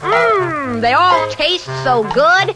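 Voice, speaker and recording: A woman's voice: extremely high pitch, expressive, takes it slowly, heavily acted. A woman voicing a cheerful male trash can mascot in a theater etiquette ad, sweet and drawn out. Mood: cheery, coaxing. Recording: clip with loud music behind. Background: loud music.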